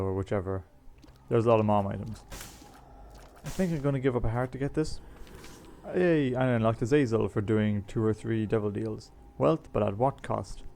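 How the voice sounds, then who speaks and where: With a fairly low, dark-toned voice, a male gaming YouTuber gives casual let's-play commentary, wandering from topic to topic while describing the items in the game.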